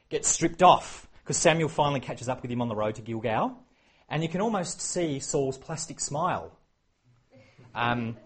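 A man preaching a sermon, animated and acting out the quoted exchanges. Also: mid-range voice, breathy edge. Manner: animated, acts out quoted exchanges, many fillers.

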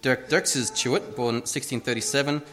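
A man's voice: medium pitch, normal speed, a bit bright, slight background noise. Guy preaching a casual sermon, jokey and self-deprecating, church lectern mic. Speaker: lay preacher. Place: church hall. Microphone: lectern microphone.

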